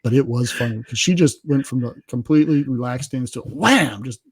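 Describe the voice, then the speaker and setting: Man, middle-aged, husky voice, casual podcast guest, laughing storyteller. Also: medium pitch, a little fast. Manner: laughing, anecdotal, self-deprecating.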